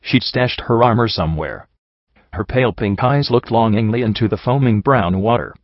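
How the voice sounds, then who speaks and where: A man reading a fan fiction story aloud as narrator, in a steady, measured way. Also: lowish voice, no room sound, muffled recording. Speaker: audiobook reader.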